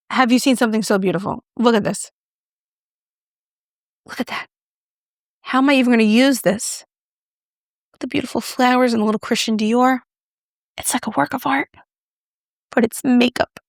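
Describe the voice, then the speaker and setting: A woman's voice: a little high, no echo, studio quality. A woman presenting a makeup review vlog, gushing and effusive as she shows off each product. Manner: gushing, effusive, repeats "beautiful". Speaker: beauty vlogger.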